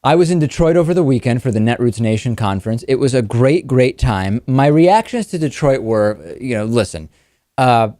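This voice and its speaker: A man hosting a political talk show, giving wry, quick commentary with frequent restarts. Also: mid-range voice, lively intonation, mellow, no room sound. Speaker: host.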